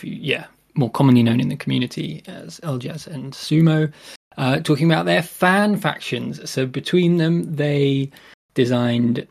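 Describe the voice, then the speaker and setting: A man hosting a podcast, introducing his guests in a slow, unhurried ramble full of ums. His voice has a gravelly fry and a husky edge. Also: medium pitch. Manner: rambling, self-deprecating, many fillers. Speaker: podcast host.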